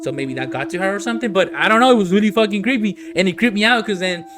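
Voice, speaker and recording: A man hosting a casual podcast chat, excitable, swearing a lot and reacting loudly. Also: high-pitched, racing. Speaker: podcast host.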